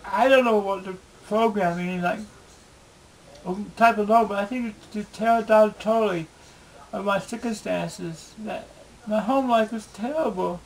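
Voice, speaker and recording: Man, home video diary, halting and pleading, high gravelly voice. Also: poor audio. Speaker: video blogger. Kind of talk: emotional personal video diary.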